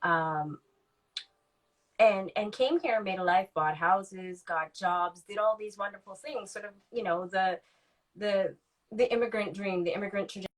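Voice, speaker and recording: A woman's voice: mid-range voice, normal speed, rough recording. A woman in her forties, a podcast guest, telling a candid personal story in a reflective way, acting out remembered dialogue with plenty of ums.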